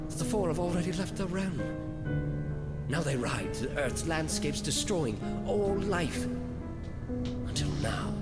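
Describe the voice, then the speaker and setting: Brief: man playing a determined 1840s hunter, slightly high voice, solemn game narration over loud music. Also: lightly acted. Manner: solemn, slow and deliberate. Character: grim determined male 1840s monster hunter.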